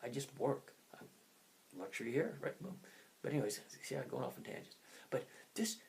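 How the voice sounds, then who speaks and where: Man in his 60s, from Southern California, motivational speaker, casual rambling talk, lively swooping pitch, loud bursts and hushed asides. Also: moderate pace, creaky.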